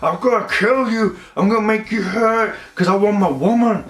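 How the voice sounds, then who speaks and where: A man voicing a vengeful, lovesick male alien villain who shouts threats in a raised voice. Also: high voice, moderate pace, pitched above the performer's own voice. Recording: roomy echo.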